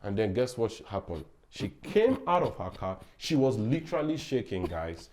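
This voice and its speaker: A man, a guest on a talk show, telling a story in a lively way, laughing often and stumbling over his words. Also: fairly low pitch, normal speed. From Nigeria. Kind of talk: casual storytelling.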